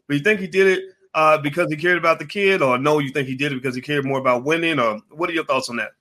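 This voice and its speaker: A man with a high, bright voice hosts a casual online panel, turning to his guests and to viewers in the chat. He talks in quick bursts and restarts his sentences often, and he sounds animated throughout. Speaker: panel show host.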